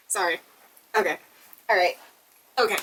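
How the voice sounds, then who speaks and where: A woman's voice: mid-range voice, pushed and bright, slight background noise. A young woman vlogger chatting through an unboxing, gasping and gushing, often saying "y'all". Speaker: beauty vlogger. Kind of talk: excited unboxing chat.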